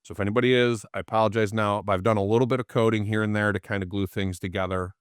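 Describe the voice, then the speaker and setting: A man with a fairly low, clear, resonant voice is the guest in a relaxed interview, telling stories rapid-fire. He gets animated and puts on the voices of the people he quotes, and the sound is close and dry with no room echo.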